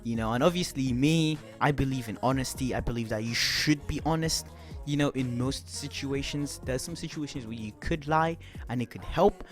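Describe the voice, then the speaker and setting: A young man telling a rambling, animated story to camera, swearing often. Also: medium pitch, normal speed, faint music behind. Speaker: vlogger.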